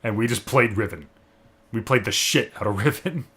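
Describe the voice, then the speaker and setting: A man's voice: lowish voice, normal speed, sharp tone. A young man co-hosting a casual gaming podcast, joking, laughing often and stumbling over words. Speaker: podcast co-host.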